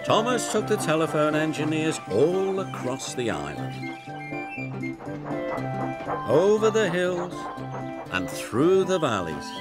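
A man narrating a children's cartoon story in an expressive storytelling manner. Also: a little high, slow, pauses often. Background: music.

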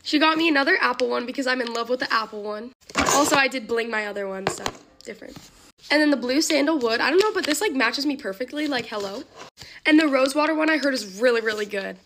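A woman's voice: sits high, fairly bright tone, a little hiss or hum. A teenage girl unboxing a makeup haul, gushing and bubbly, with gasps and lots of "like". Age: teens. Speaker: beauty haul vlogger. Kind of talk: excited unboxing chat.

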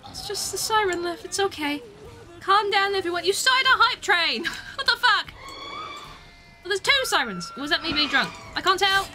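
Giggly high-voiced woman streamer. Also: moderate pace. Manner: giggly, excitable, often shrieking. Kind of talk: casual gaming commentary. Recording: noisy stream audio.

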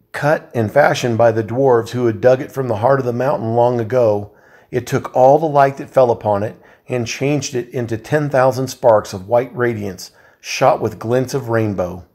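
A man's voice: medium pitch, a little mellow. Man reading a storybook aloud. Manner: measured, with occasional slips and corrections. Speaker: volunteer reader.

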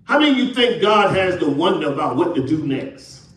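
With big pitch swings, a high, slightly bright voice and a little fast delivery, a Southern pastor from Texas preaches to his flock. The distant recording carries the church's echo, and he trades questions with the congregation while imitating the voices in his tale.

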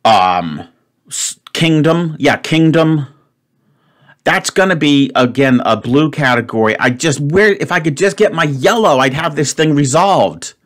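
A man solving a word puzzle out loud, thinking aloud and muttering to himself. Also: on the high side, lively intonation, measured pace. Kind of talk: solo puzzle-solving commentary.

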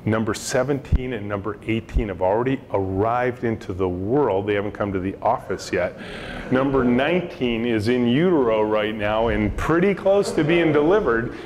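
A man's voice: medium pitch, normal speed, a crowd in the background. A middle-aged man, a company CEO, giving a storytelling talk to students and acting out the voices in his anecdotes. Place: lecture hall with audience. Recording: long hall reverb, faint noise.

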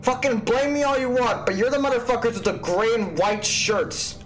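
A man gives loose gaming commentary, swearing freely and joking as he plays. His voice sits high for a man. He sounds excitable and quick to react. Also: faint music behind. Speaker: let's play host.

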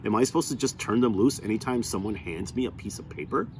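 A man's voice: on the low side, quick pace, noisy background, natural voice. A man reading aloud, voicing a cool, calculating woman who runs a prison camp. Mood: cold. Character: cold, lying woman camp warden.

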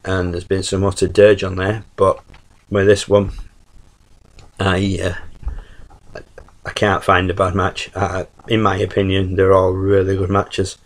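Low, flat-voiced British man reviewing casually. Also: takes it slowly, pauses often, rough recording. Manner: rambling with frequent ums and restarts. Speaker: YouTube reviewer.

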